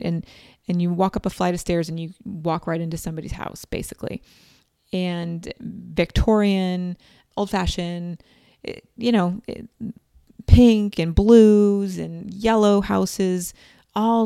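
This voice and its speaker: A woman in her forties telling a personal story in a chatty, animated way, acting out quoted lines. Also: medium pitch, vocal fry, no echo, studio quality. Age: 40s.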